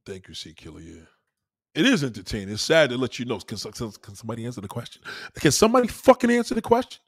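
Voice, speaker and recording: A man streaming live, ranting loudly and insulting his chat with heavy profanity, repeating his questions and mocking commenters. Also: medium pitch, big pitch swings, fast talker, breathy edge, no echo, studio quality. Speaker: livestreamer reading chat comments. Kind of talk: angry profane live rant.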